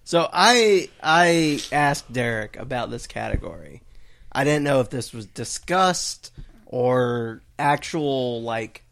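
Casting: earnest male podcast co-host, mid-pitched, casual. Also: very animated, takes it slowly, gravelly, a bit bright. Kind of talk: casual chat.

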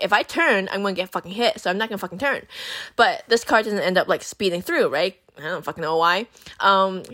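A young woman telling a story to camera in a casual, chatty way, swearing freely and using lots of fillers. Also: medium pitch. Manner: profane, animated, chatty with many fillers. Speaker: vlogger.

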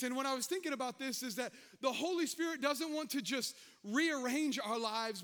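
A man preaching a sermon, animated, calling out to the congregation and slipping into folksy, joking asides. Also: very high-pitched. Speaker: pastor.

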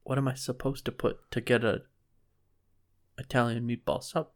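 A man's voice: mid-range voice, level tone, normal speed. A young man co-hosting a casual podcast, ranting with heavy swearing and exasperated energy. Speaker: podcast co-host. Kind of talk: casual chat.

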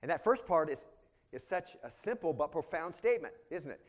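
A man's voice: on the high side, sing-song, a little fast. A man pastor preaching an expository sermon in a conversational way, often tossing rhetorical questions back to his listeners.

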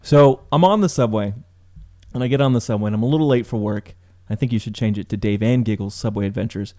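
A man's voice: on the low side, fast talker, warm tone. A man from Florida co-hosting a talk show, telling a rambling, exasperated story. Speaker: radio show co-host. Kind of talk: casual anecdote telling.

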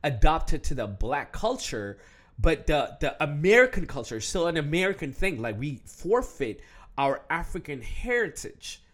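A young man talking casually to the camera, animated, with many fillers, restarts and laughs. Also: a little high, moderate pace. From Ethiopian heritage, raised in the West.

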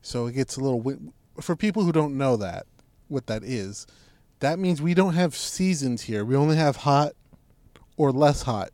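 A man's voice: mid-range voice, expressive, moderate pace, dark tone, no echo. A young adult man co-hosting a podcast, telling a long rambling story in casual, profane chat full of fillers. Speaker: podcast co-host.

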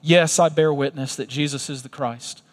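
Brief: a male preacher playing a steady spirit witness, declarative, hall echo. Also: on the high side, moderate pace, lightly acted. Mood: solemn. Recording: long reverb of a large hall.

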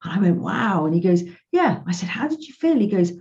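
A woman's voice: mid-range voice, sing-song, fairly quick, few pauses, darkish tone. A woman, a financial coach, telling stories in a podcast chat and acting out both sides of each conversation. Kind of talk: podcast interview. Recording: dull lo-fi sound.

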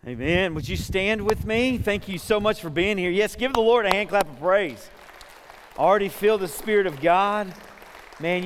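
A man preaching a sermon as pastor, talking quickly and energetically, calling for amens from the congregation. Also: on the high side, slight background noise. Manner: fast, energetic preaching with call-and-response. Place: church sanctuary. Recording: church hall reverb.

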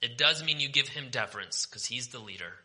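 A man in the pulpit delivers his sermon in a vivid, sharply bright voice. He swings between raised, forceful declarations and soft, intimate near-whispers, pressing his points with conviction. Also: mid-range voice, animated, brisk. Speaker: pastor.

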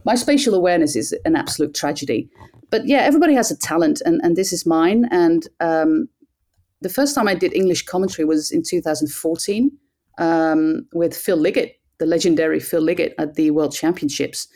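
A woman with a Dutch accent, a cycling commentator, talking in an animated, self-deprecating way with frequent restarts. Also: sits low, fairly quick. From Netherlands. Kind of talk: conversational interview.

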